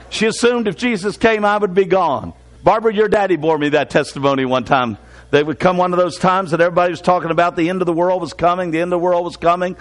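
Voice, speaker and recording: Older man preaching, high voice. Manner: preaching with folksy storytelling asides. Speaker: pastor. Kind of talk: sermon.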